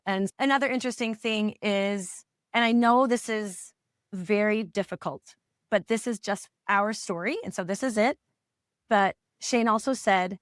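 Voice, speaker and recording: Une mère d'une quarantaine d'années, coach parentale, livre son témoignage avec franchise et émotion. Sa voix de hauteur moyenne est enregistrée au plus près, dans un son sec. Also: female voice, mid-range voice, a little slow, no room sound, studio quality. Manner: earnest and emotional, acts out remembered dialogue. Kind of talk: candid personal storytelling in a podcast interview.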